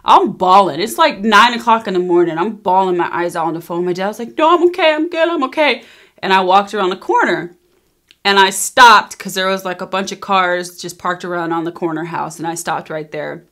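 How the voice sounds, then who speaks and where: A woman in her thirties telling a personal story in a casual storytime vlog, emphatic and animated, acting out what people said. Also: lowish voice, brisk. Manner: emphatic, animated retelling, acting out quoted lines.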